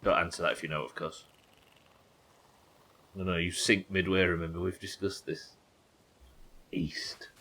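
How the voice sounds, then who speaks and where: A man's voice: deep voice, fairly even intonation, normal speed, pauses often, pushed and bright, rough recording. A young man streaming a game live, chatting to viewers and thinking aloud as he plays, swearing freely. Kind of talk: live gameplay commentary.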